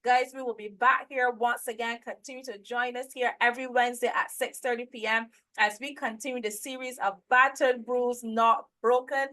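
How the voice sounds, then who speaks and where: A woman talk-show host with a slightly high voice wraps up the show. She is effusive, repeats words for emphasis and warmly urges listeners to share and tune in again. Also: steady tone, moderate pace, hardly any pauses, rough recording.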